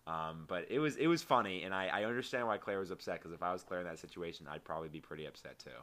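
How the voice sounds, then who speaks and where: A man co-hosting a casual recap podcast, talking quickly in a lowish, bright voice. He rambles on eagerly, piling up his thoughts. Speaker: podcast co-host. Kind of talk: casual reality-show recap chat.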